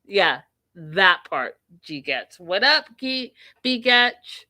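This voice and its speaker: A woman hosting a live TV recap stream, giving blunt opinions and reading viewer comments aloud in a casual, animated way. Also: medium pitch, slow pace, no room sound. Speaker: host of a live TV recap show.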